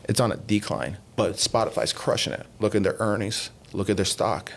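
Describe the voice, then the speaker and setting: Male podcast guest, low-pitched, chatty storyteller who quotes people in voices. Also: moderate pace, gravelly, slight background noise. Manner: animated, retells talks in quoted voices, many fillers. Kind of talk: casual storytelling interview.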